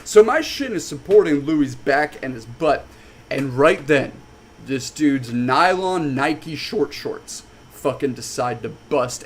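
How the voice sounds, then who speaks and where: A man telling a story casually on a stream, animated and swearing a lot. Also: fairly high pitch, a little slow, a little hiss or hum.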